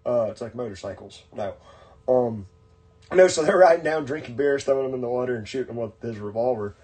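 A man's voice: medium pitch, brisk, darkish tone. A man hosting a podcast and telling a long story in casual chat, rambling with many fillers and restarts. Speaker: podcast host.

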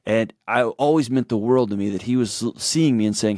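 A man's voice: mid-range voice, a little fast, hardly any pauses, darkish tone, no room sound, clean studio sound. Earnest man telling stories. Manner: earnest storytelling, acts out quotes in shifting voices. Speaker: guest, author and show host. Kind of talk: candid conversational interview talk.

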